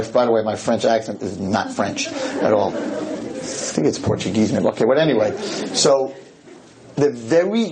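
A man giving a humorous storytelling lecture to a live audience, talking in an animated, joking way with sudden jumps in pitch. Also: poor audio.

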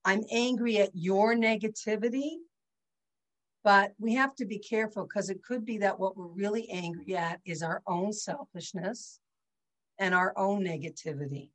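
On a low-quality recording, a woman teaching an online class lectures conversationally over video call. She speaks at a medium pitch and normal speed, chatting along and often asking her listeners "right?" or "okay?" to check in.

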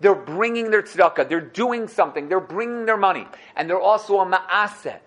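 A man teaching a Torah class, telling a story in a lively way and repeating phrases for emphasis. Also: sits high, a little fast.

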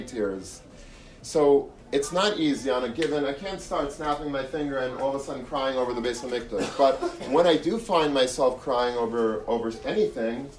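A man's voice: on the high side, darkish tone. A man giving an earnest storytelling Torah talk, often repeating and restarting phrases. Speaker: Torah lecturer. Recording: echoey room, mic far off, faint noise.

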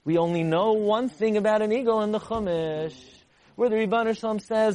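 A man giving a Torah class, animated and repeating lines for emphasis. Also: brisk, no room sound. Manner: animated, repeats for emphasis, rises high to act out voices. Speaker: Torah teacher.

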